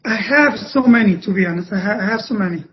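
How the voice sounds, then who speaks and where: High-voiced and speaking Cuban-accented Spanish, this podcast guest from Cuba, once a ballet dancer, shares interview stories haltingly and keeps restarting his phrases. The podcast audio is dull and lo-fi.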